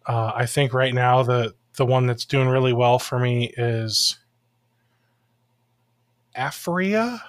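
A man's voice: mid-range voice, slow pace, long pauses, no room sound. A man from Ohio hosting a podcast, chatting casually and joking with lots of laughter. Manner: jokey, animated, laughs often. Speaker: podcast host. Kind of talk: casual chat.

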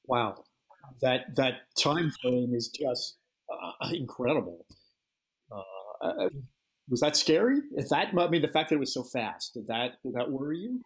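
A man's voice: medium pitch, sing-song, a little slow, husky, rough recording. A man hosting a podcast, asking questions hesitantly while he searches for his words. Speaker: podcast host. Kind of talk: interview questions.

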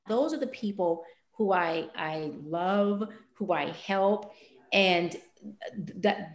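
Woman, life coach guest, podcast interview, expressive, echoey room. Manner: animated, acts out client conversations with big pitch jumps.

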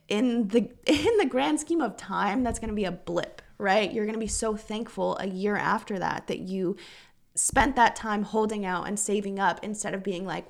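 A woman's voice: medium pitch, gravelly. A young adult woman hosting a podcast, talking casually and earnestly, with fillers and a voice that keeps cracking. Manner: earnest, chatty, encouraging, with frequent fillers. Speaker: podcast host and business coach. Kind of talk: casual solo podcast talk.

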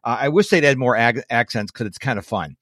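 A man in his fifties hosting a podcast interview, energetic and joking. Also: mid-range voice, brisk, dry recording, clean studio sound. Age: 50s. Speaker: podcast host.

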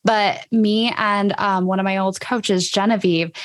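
A woman hosting a casual podcast chat, enthusiastic and quick to laugh, playfully quoting herself. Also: medium pitch, steady tone. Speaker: podcast host.

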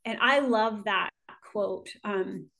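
A woman's voice: mid-range voice, slow pace, creaky, bright, forceful tone. Woman, nurse guest, earnest, reflective, restarts phrases, casual interview. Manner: earnest, with frequent restarts and small laughs.

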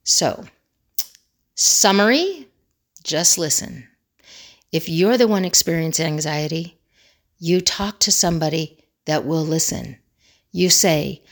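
A woman with a slightly low voice teaches crisis communication skills. She speaks earnestly in a motivational way and returns to her key phrases again and again for emphasis. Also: animated, slow, pauses often.

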